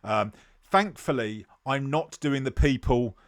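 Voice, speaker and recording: A man running a tabletop role-playing game as game master, narrating scenes in an unhurried way with many fillers. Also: medium pitch.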